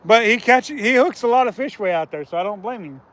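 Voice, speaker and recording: A man's voice: sits high, expressive, a little fast, a bit bright. A man hosting a casual fishing livestream from outdoors by a river, chatting with viewers and laughing often.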